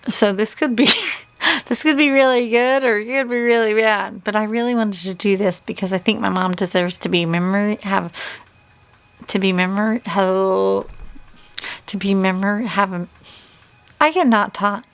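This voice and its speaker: A woman in her forties talks through a casual makeup tutorial. Her voice carries a gravelly, creaky edge at a mid pitch, and she rambles in a chatty way, often trailing off and starting her sentences over. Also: fairly even intonation, moderate pace. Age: 40s. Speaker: beauty vlogger and hairstylist.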